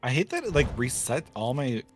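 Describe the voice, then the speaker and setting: A man's voice: medium pitch, big pitch swings, a little fast. A man chatting while playing a game with friends, blunt and teasing. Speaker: streamer. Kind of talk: casual gaming stream chat. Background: game music.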